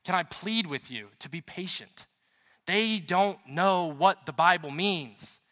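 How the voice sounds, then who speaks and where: A man's voice: high-pitched, takes it slowly, a bit bright. A man preaching a sermon as pastor, chatty and storytelling, with emphatic repetition. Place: church. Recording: reverberant hall.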